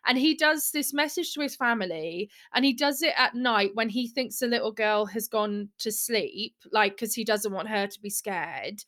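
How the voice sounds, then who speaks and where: A woman on a podcast, chatting in an animated, rambling way. Her voice sits high and sounds bright and forceful, and she strings her story together loosely. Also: normal speed, hardly any pauses. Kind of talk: casual chat.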